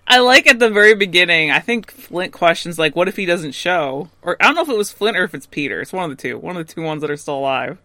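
A woman co-hosting a casual podcast, relaxed, often agreeing with short replies. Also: lowish voice, quick pace, few pauses, no echo. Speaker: podcast co-host. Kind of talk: casual recap chat.

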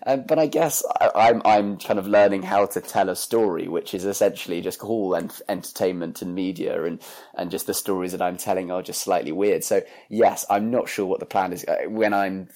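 A man's voice: low voice, normal speed, darkish tone. A man in his twenties with a British accent, a podcast guest telling rambling, self-deprecating stories in casual chat. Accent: British English. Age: 20s. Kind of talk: casual chat, anecdotal storytelling.

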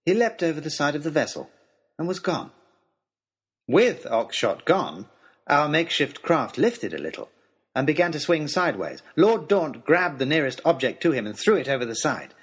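Male narrator, dramatic storybook read, husky, animated pitch. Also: moderate pace. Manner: expressive, dramatic reading.

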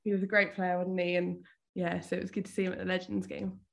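Cheerful woman with a lowish voice. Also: level tone, fast, creaky. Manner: cheerful, laughing, diplomatic. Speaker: football club guest. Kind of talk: casual football chat.

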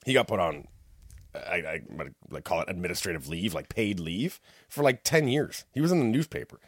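A man with a fairly low voice tells a long, rambling story in casual conversation. He swears freely and acts out what people said as he goes. The sound is dry and close, with no room echo. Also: animated, fairly quick, husky. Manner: rambling, profane, acts out quotes. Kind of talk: casual chat, telling a story.

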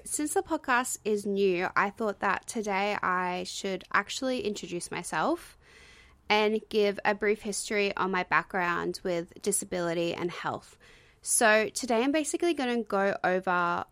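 A woman in her mid-twenties hosts her own podcast alone, talking quickly and casually with plenty of fillers. She sounds a little out of breath, at an average pitch. The recording is dry and close, with no room sound. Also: expressive, fairly bright tone, dry recording. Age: 20s. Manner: fast, casual talk with fillers. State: slightly out of breath. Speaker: podcast host. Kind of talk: solo podcast monologue.

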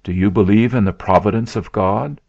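A man voicing a calm, imposing mountain man who talks low and level in a story reading. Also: moderate pace, no echo. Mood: grave. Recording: dull lo-fi sound.

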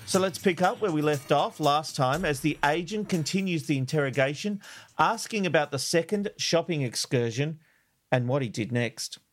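A man's voice: on the high side, lively intonation, moderate pace, soft background music. A man hosting a podcast, moving between easygoing chat and scripted narration. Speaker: podcast host.

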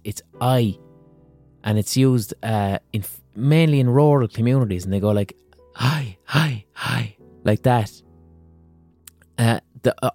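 A man's voice: mid-range voice, a little mellow. A man from Limerick with an Irish accent, hosting a solo podcast in a chatty, profane way, full of restarts and asides. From Ireland, Limerick. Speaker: podcast host.

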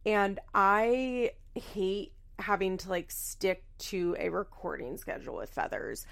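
A woman's voice: medium pitch, lively intonation, takes it slowly, vocal fry, fairly bright tone, smooth. A young woman hosting a podcast alone, chatting in a rambling, casual way, swearing freely and poking fun at herself. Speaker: podcast host. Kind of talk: casual solo podcast chat.

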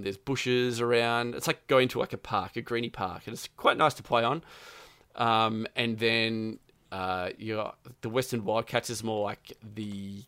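A man talks through a video game in a loose, rambling way, dropping swear words and "like" and "um" as he goes. His voice sits at an ordinary middle pitch and is recorded dry, with no room sound around it. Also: fairly bright tone, no room sound. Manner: rambling, profane, full of fillers. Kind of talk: casual chat about a video game.

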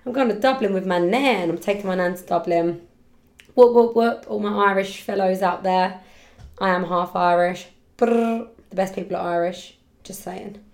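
A woman hosting a casual solo podcast, chatty and rambling, quick to laugh and loud when excited. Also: lowish voice, vocal fry. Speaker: podcast host and hairdresser. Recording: roomy echo around the voice.

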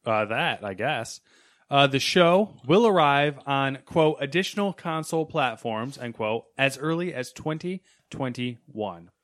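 A man co-hosting a casual podcast, dry and deadpan, reading out news items between chat. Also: medium pitch, unhurried. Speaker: podcast co-host.

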